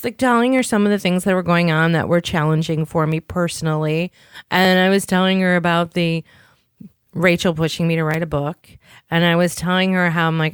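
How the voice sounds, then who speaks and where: A woman's voice: lowish voice, fairly even intonation, a little fast, smooth, no room sound, clean studio sound. A woman co-hosting a podcast, telling a long candid story in casual chat and swearing offhandedly. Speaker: podcast co-host.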